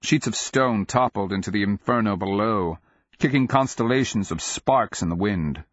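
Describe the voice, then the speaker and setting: A man narrating a fantasy audiobook in a measured, grave, deliberate way. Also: on the low side, dry recording. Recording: dull lo-fi audio.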